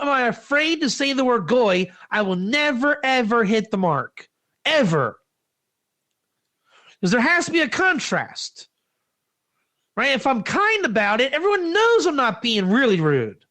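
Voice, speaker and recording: Animated high-voiced man teaching. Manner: animated, acts out quoted dialogue; conversational, rhetorical questions. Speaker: teacher of Proverbs. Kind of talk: informal religious teaching.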